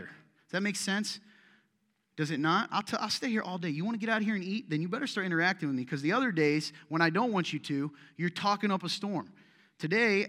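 A man's voice: high voice, sharp tone, in a large hall. A man preaching a sermon to his church, teasing and joking with the congregation in a casual, conversational way. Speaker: pastor. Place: church sanctuary.

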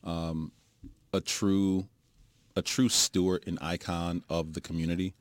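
Man, joking co-host, low voice, dry. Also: flat delivery, unhurried, dry recording. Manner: joking, loose banter. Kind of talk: casual sports talk.

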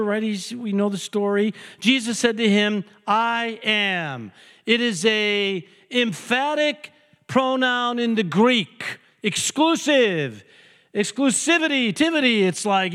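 An older male pastor preaches a sermon in a high-pitched voice at a measured pace, telling animated stories and cracking jokes. He drives points home through repetition, and a long hall reverb fills the recording.

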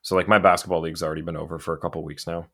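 A man co-hosting a casual sports podcast, talking sports in a quick, easygoing way. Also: deep voice, little pitch movement, a bit bright. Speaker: podcast co-host.

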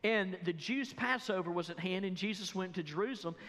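A male pastor preaching a sermon, animated, firing rhetorical questions at the congregation. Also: high voice, brisk, big-room sound.

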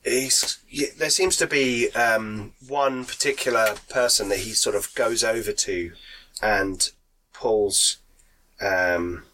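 A man's voice: lowish voice, takes it slowly, bright, forceful tone, a little hiss or hum, low-quality recording. A man narrating as game master, describing scenes in a loose, rambling way full of fillers.

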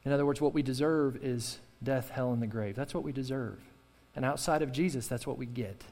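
Impassioned preacher in a reverberant hall. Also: male voice, medium pitch, fairly quick, darkish tone. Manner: impassioned preaching with repetition and call-and-response. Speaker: pastor. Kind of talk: sermon.

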